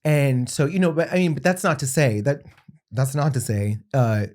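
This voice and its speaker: A young adult man guesting on a podcast, telling a personal story in an easygoing, conversational way. He brings his tale to life by voicing the people in it, and his pitch sits in the middle range. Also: normal speed. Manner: animated storyteller acting out quotes.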